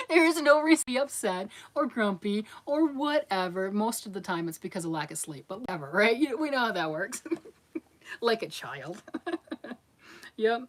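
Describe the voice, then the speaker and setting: On a crochet channel's livestream, a middle-aged woman chats casually in a sing-song, mid-range voice at a moderate pace. She reads viewer comments aloud and answers them in a chatty, encouraging way, laughing often.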